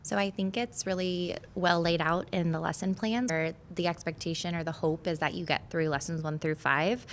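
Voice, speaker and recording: A woman teacher explains things earnestly on a podcast. Her voice sits low and has a gravelly fry. A faint rumble runs under the recording. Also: steady tone, moderate pace, hardly any pauses. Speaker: fourth grade teacher. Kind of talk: podcast conversation.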